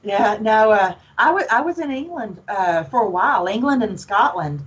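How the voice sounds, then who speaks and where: A woman's voice: medium pitch, lively intonation, moderate pace, lo-fi sound. A woman from Alabama with a Southern accent, talking as a guest in a casual chat, outspoken and folksy. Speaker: podcast guest, paranormal investigator.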